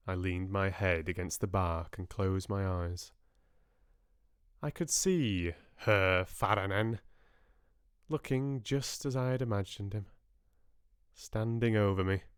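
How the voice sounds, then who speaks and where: A man reading a novel aloud for his livestream book club, slowly and expressively. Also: low-pitched, clean tone, no room sound, studio quality. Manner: slow, expressive, lively. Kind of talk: audiobook-style reading.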